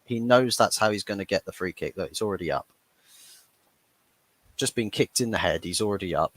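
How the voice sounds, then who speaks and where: A man's voice: deep voice, a little fast, a bit bright, dry recording. A young man hosting a fan watchalong, chatting casually through the match and laughing at his own jokes. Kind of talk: live match reaction commentary.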